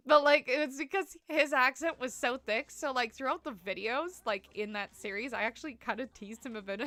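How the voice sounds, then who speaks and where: A woman streamer with a bright, forceful voice, caught up close and dry with no room sound. She rambles through casual gameplay commentary, peppering everything with "like" and laughing often. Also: medium pitch, no echo. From Canada. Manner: chatty, rambling, full of "like" fillers, laughs often.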